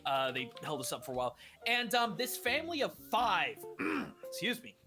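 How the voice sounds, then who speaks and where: A man with a somewhat high voice tells a story at a measured pace, with dry humor. Music is clearly heard behind him. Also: very animated. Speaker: guest. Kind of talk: casual chat, storytelling.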